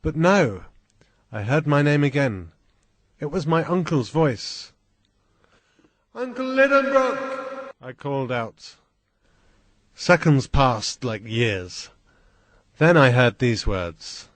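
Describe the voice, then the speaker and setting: A man reading a first-person adventure story aloud in a slow, deliberate, plain manner. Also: mid-range voice, animated, no echo. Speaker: audiobook reader.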